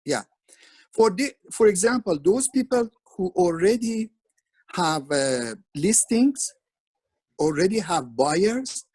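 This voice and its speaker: A man's voice: sits high, animated, slow pace, a little mellow, slightly rough, low-quality recording. A man speaking as a webinar presenter over a video call, instructing in an earnest, repetitive way with frequent restarts.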